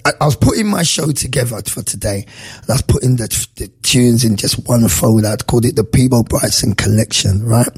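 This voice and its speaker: A man's voice: mid-range voice, brisk, slightly rough. A man hosting a radio show, telling a story in a casual, emotional way and acting out the voices. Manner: animated, emotional storyteller who acts out voices. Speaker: radio presenter.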